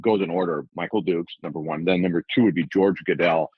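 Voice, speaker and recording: A man's voice: low voice, fairly even intonation, brisk, slightly rough, dry recording, phone-quality sound. A man who is an author and life coach, talking earnestly as a guest on a radio show. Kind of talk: casual radio interview chat.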